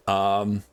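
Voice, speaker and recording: A man's voice: fairly low pitch, smooth. A man streaming a survival game, chatting loosely with viewers and talking to items in the game, in a rambling, chatty way. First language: English is his only language. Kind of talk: casual gameplay commentary.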